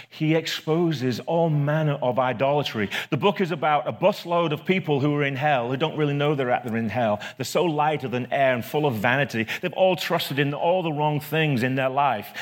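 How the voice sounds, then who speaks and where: A man, a pastor, preaching a sermon in a conversational way, building to rising emphasis. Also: mid-range voice.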